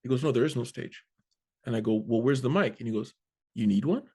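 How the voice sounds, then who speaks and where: Animated man telling a comedy story. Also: mid-range voice, brisk, slightly rough. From Canada. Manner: animated, acts out quoted voices, swears casually. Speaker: guest comedian. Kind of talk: storytelling in casual interview.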